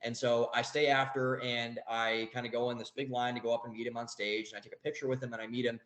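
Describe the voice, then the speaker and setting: A man's voice: mid-range voice, little pitch movement, fast, a bit bright, reverberant, rough recording. A young man telling a story as a podcast guest, rambling, with many fillers and restarts. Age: young adult. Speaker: guest author. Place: home office.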